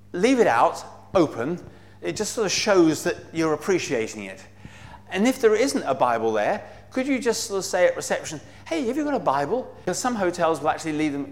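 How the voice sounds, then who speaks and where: A man speaks to a church gathering on behalf of a Bible society, earnest and eager. His voice sits a touch high and moves along with many small fillers and cries of praise. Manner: earnest, enthusiastic, with frequent fillers and exclamations of praise. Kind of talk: talk to a church congregation.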